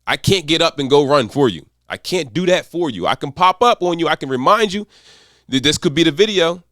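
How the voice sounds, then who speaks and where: Male accountability coach, motivational monologue, swooping lively delivery, dry close sound. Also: a little high, a little fast, dry recording. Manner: repetitive, emphatic mantras.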